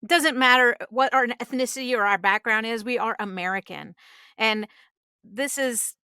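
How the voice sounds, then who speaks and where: A woman, a singer and voice actress, chatting as a podcast guest, animated and laughing often. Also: on the high side, moderate pace, clean tone, no echo, clean studio sound. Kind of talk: casual interview chat.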